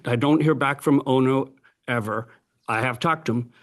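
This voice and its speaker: A man's voice: medium pitch, moderate pace. A man speaking as a public commenter at a county board meeting, telling his complaint in a plain, conversational way with fillers and restarts.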